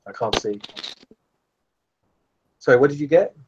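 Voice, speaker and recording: A man narrates as game master for a tabletop session, stumbling over his words and laughing between fillers. His voice sits at an ordinary pitch, and the recording sounds dull and lo-fi. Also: animated, slightly rough. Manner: halting, laughing, with many fillers.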